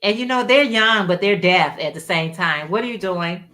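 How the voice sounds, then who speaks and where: A woman chatting casually on her live stream with a bright, forward tone. She rambles from one thought to the next and reads viewers' comments aloud. She laughs often between her thoughts. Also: medium pitch, normal speed. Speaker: livestream host.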